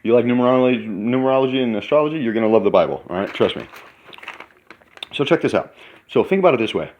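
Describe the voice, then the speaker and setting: A man in his thirties, excitable and rambling in a casual vlog monologue, sometimes talking while eating in a hotel room. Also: medium pitch, fast talker, muffled recording. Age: 30s. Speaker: vlogger.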